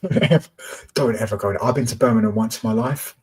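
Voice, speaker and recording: A young man from Peterborough, England, co-hosts a podcast and chats casually, rambling along in a blunt, sweary way. He talks fast, and his medium-pitched voice has a darkish, slightly rough tone.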